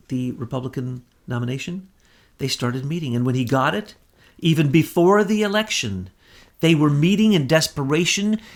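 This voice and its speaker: A man with an Ozark accent, co-hosting casual political commentary, telling it as an animated story. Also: fairly high pitch. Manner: animated storyteller, acts out quotes. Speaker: co-host.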